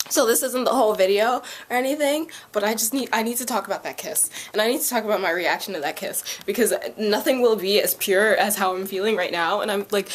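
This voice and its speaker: A young woman reviewing a show in a casual vlog at home, gushing and excitable, saying "like" constantly. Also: a little high, a little hiss or hum. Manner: gushing, excitable, heavy use of "like". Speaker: video reviewer. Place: at home by a couch.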